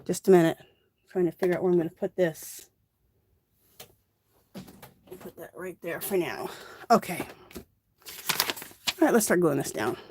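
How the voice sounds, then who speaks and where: On the low side and a little husky and mellow, this woman's voice moves a bit fast yet leaves long pauses. She hosts a casual crafting livestream, recorded on a phone at her craft table. Talkative and digressive, she thinks out loud while crafting.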